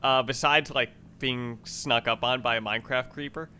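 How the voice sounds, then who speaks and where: A man co-hosting a casual podcast about games, recounting a gaming memory in a relaxed, hesitant way. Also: medium pitch, normal speed, slight background noise. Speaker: podcast co-host.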